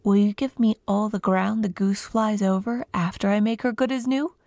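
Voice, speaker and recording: A woman's voice: medium pitch, steady tone, moderate pace, a little mellow, dry recording, close to an everyday voice. A woman storyteller puts on a cheeky young man from a fireside folk tale, sure of his bargain and a bit boastful. The voice sits in a middle register. The sound is dry and close. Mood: confident, sly. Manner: bold, teasing, self-assured. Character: cheeky young man who is secretly a saint.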